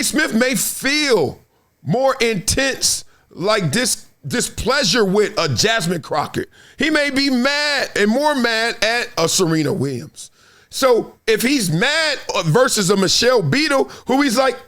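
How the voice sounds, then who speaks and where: A middle-aged man with holds forth on a sports talk show. His voice sits high and swings widely as he makes his points. He repeats words for emphasis and laughs through his arguments. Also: sharp tone. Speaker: podcast host. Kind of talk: casual sports commentary monologue.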